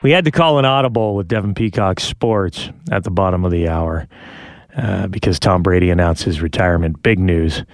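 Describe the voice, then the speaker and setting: A chatty man hosts a podcast, trading news stories and quick asides with his co-host. He laughs easily, and his voice sits dry and close to the mic. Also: deep voice, no room sound. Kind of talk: casual chat and news reading.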